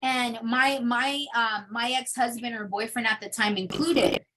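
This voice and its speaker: A woman's voice: fairly high pitch, fairly even intonation, measured pace, background noise. A young adult woman telling her personal testimony in an interview, candid and full of fillers. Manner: candid storytelling with many fillers. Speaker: interview guest.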